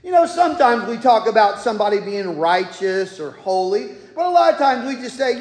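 A man's voice: sits high, sing-song, fairly quick, hardly any pauses, a little mellow. A man preaching a sermon in a folksy, joking way, acting out the people he quotes. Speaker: pastor. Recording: echoey hall with long reverb.

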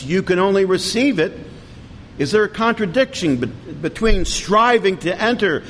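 Guy preaching fervently, kinda high voice, echo trailing off in a big hall, faint rumble behind. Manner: fervent, emphatic preaching with sudden loud rises. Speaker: pastor. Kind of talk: sermon.

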